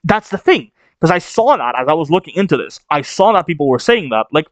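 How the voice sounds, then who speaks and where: A man reading a manga chapter aloud and reacting, animated and chatty, thinking out loud. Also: a little high, a little fast, few pauses, no room sound, highs cut off.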